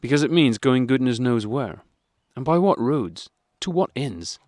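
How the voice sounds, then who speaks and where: A man reads an audiobook in a clean studio with no echo, voicing a troubled husband who speaks sternly and with restraint. His medium-pitched voice is a little slow and slightly mellow, with lively intonation, pitched above his own voice but delivered naturally.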